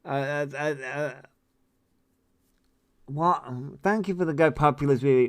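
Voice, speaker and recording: Slow, smooth-voiced man ranting. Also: fairly high pitch. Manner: incredulous, rambling and sweary. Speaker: livestream host. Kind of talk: casual livestream chat reading viewer comments.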